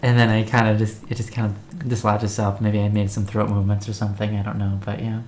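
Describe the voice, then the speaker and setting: A man's voice: on the low side, monotone, fast, a little mellow. A man co-hosting a casual livestream, telling stories and reading viewer messages aloud. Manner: chatty storyteller, reads viewer messages aloud. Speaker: co-host.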